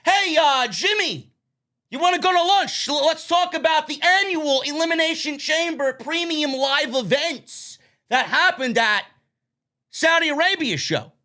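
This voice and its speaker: A man's voice: very high voice, lively intonation, unhurried, bright, forceful tone, voice pushed up, heavily acted. A man putting on a mocking voice of a stilted corporate man. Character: mocked stiff corporate man, adult.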